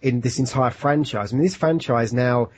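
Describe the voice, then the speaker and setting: A man's voice: medium pitch, normal speed, a little hiss or hum. A man, co-hosting a film podcast, talking casually and enthusiastically, with swearing and rambling asides. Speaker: podcast co-host. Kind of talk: casual chat.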